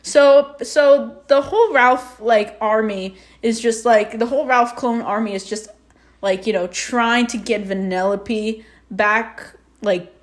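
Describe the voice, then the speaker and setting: A woman co-hosting a podcast, ranting about a movie in casual chat, animated and swearing often. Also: on the high side, slow. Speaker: podcast co-host.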